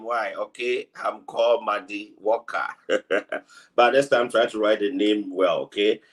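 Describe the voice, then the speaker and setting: A man's voice: fairly low pitch, fairly even intonation, unhurried. A man with a Ghanaian accent hosting a live online news show, chatting and greeting viewers by name. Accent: Ghanaian English.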